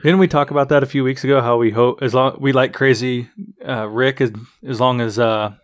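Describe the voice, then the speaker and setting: An easygoing man talks through a TV episode, often pausing on fillers as he retells scenes. His pitch sits in the middle. The recording is dry and close. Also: steady tone, dry recording. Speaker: podcast co-host. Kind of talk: casual TV recap chat.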